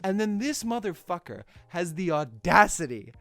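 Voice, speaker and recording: A young adult film commentator delivering a comedic, profanity-laced rant, self-mocking and animated. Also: medium pitch, normal speed, no echo.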